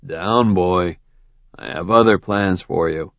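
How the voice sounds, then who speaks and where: A stern immortal leader, as a male narrator puts him on, calm, dry and used to giving orders. The delivery is measured and even, on a dull, dry audiobook recording. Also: low-pitched, gravelly, no room sound, full character voice.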